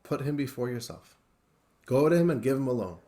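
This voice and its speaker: A man, a rabbi, giving a weekly Torah lesson as an animated storyteller who swings between loud and hushed. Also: medium pitch, fairly quick.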